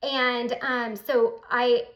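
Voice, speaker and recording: A woman telling her personal story in a casual, animated, emphatic way. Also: on the high side, very slow, muffled recording. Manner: animated, emphatic, with Southern "y'all".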